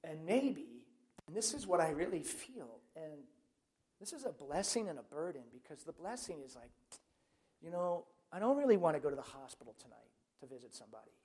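A middle-aged man, a Catholic priest, preaching in a chatty, animated way with self-mocking humor and personal stories. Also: fairly high pitch, a little fast. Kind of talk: lively sermon with personal stories.

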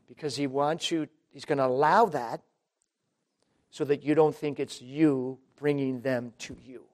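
A man preaching a sermon in an emphatic, conversational way, talking straight to the listeners and swinging between loud and quiet. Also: medium pitch, steady tone, measured pace. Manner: addresses listeners directly as folks.

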